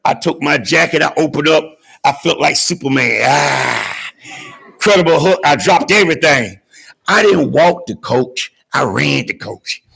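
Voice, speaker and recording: Guy giving a graduation speech, husky gravelly voice, big storytelling energy, gets the crowd going. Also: a little high, lively intonation, a little slow. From Georgia, USA. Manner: call-and-response with the audience, dramatic swings from hushed to shouting. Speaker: graduation guest speaker.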